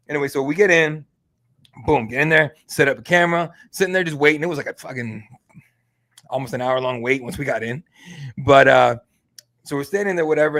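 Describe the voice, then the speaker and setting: A man hosting an MMA podcast, telling a story in a casual, excitable and profane way. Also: on the high side. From Mexican heritage. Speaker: MMA podcast host and reporter.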